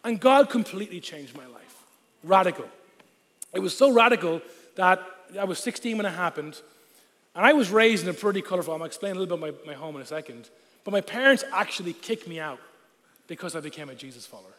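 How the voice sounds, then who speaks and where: High-voiced animated man preaching in a reverberant hall. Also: fairly quick. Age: 30s. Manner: animated, humorous, acts out voices. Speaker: pastor. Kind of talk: storytelling sermon. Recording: long reverb of a large hall.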